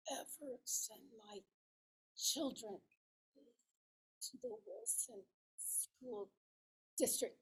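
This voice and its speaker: A woman in her fifties giving a prepared storytelling speech to her club, animated and dramatic, acting out dialogue. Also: on the high side, slightly rough, low-quality recording. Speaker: club speaker.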